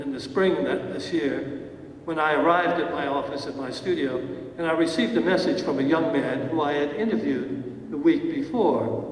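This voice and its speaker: A man's voice: fairly high pitch, a little hiss or hum. Distant man giving an acceptance speech. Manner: anecdotal storytelling with hesitant fillers. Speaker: award recipient, acting teacher. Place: large event hall. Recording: echoey hall from far off.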